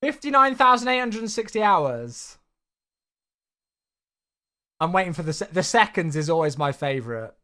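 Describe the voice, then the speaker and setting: A man chatting casually on a flight-sim live stream, excitable and effusive toward his viewers, sounding tired. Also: high-pitched, moderate pace, pauses often.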